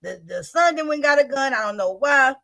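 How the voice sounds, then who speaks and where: A woman's voice: high-pitched, animated, a little fast, pushed and bright. A woman hosting a storytime video, recapping a clip in blunt, profane, incredulous casual commentary.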